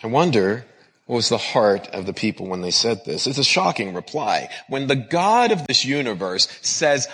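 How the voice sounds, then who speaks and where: Man, pastor preaching, earnest repetitive cadence, bright voice, husky edge, long hall reverb. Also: medium pitch, very animated, moderate pace. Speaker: pastor and counselor. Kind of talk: sermon.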